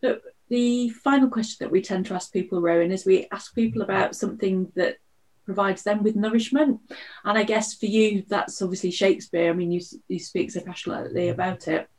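A woman hosting a podcast, asking questions in a soft-spoken, tentative way with small hesitations. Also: medium pitch, fairly quick, rough recording. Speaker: podcast host.

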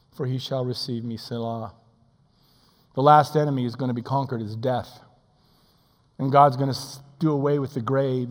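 Older man preaching in a hall. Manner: swings from booming to hushed, preacherly. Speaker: assistant pastor. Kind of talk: sermon. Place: church sanctuary. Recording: church hall reverb.

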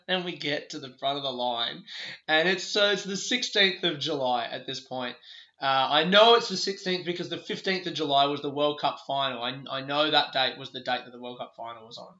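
Aussie guy rambling through a travel story, laughs a lot, really bright voice, echoey room, dull lo-fi sound. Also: medium pitch, normal speed. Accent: Australian. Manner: rambling, laughing often, swears freely. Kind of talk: casual storytelling monologue.

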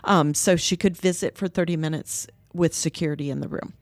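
A woman's voice: sits low, fairly quick, dry recording. A woman co-founder of a nursery, earnestly telling a story in an interview and animating the voices of people she quotes. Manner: earnest, animated when quoting others.

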